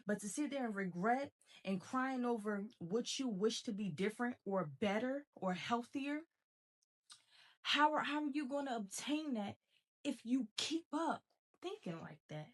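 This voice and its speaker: A woman's voice: fairly high pitch, expressive, a little slow. A woman giving a motivational spiritual talk. She is emphatic and repeats herself, mixing casual slang into a preachy delivery. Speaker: spiritual self-help speaker. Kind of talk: motivational monologue.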